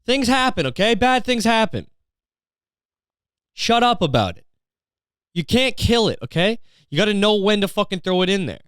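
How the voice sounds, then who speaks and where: A man's voice: sits high, big pitch swings, normal speed, pauses often, fairly bright tone, smooth, dry recording, studio quality. A young man hosting a comedy podcast, ranting in a profane, sarcastic way and slipping into mocking voices. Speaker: podcast host.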